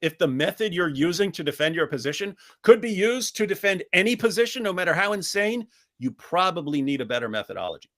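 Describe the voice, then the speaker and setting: A man's voice: sits high, big pitch swings, fast talker, fairly bright tone. A man co-hosting a debate review, talking casually and sarcastically, mocking opposing arguments with exaggerated mimicry. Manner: emphatic, repeats phrases when building a point. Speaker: co-host of a debate review show. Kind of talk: casual discussion, commentary.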